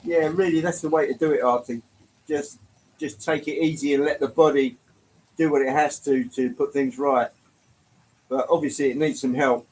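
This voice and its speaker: A man's voice: mid-range voice, steady tone, normal speed, darkish tone, low-quality recording. A man with an English accent with a touch of London, hosting a casual live stream, chatting easily, greeting viewers by name and swearing lightly. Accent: English, slight London. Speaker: livestream host.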